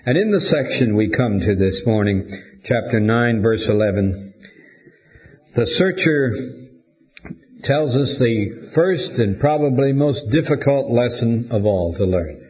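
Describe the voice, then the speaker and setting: A man preaching a sermon to his congregation in a measured, deliberate way with pauses. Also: mid-range voice, expressive, darkish tone. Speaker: pastor.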